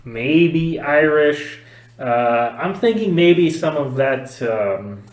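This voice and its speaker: A man's voice: a little high, expressive, extremely slow. A man co-hosting a podcast in casual chat, hesitant with many fillers and jokes. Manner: hesitant, filler-heavy, joking. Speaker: podcast co-host. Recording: echoey room.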